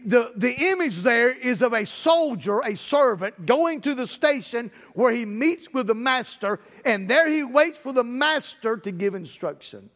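High-pitched emphatic preacher man. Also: lively intonation, measured pace, few pauses, long reverb tail. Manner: preacherly, repeats phrases, rises to loud emphatic peaks. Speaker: pastor. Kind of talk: sermon.

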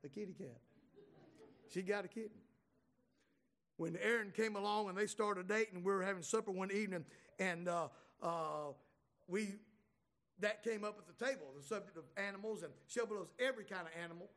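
A man's voice: sits high, fairly quick, fairly bright tone. A middle-aged man tells a humorous story to an audience in a folksy, chatty way, often restarting his sentences. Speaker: speaker.

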